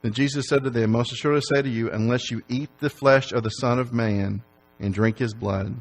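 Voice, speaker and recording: A man's voice: medium pitch, steady tone, a little fast, a little hiss or hum. A man preaching a sermon in a church, reading scripture aloud and asking the congregation rhetorical questions. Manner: reads scripture aloud and leads the congregation in call-and-repeat; asks rhetorical questions with rising emphasis.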